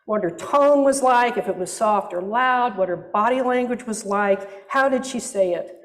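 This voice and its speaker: A woman's voice: on the high side, normal speed. A woman pastor preaching a sermon in a reflective manner with wry asides, recorded in a reverberant church hall.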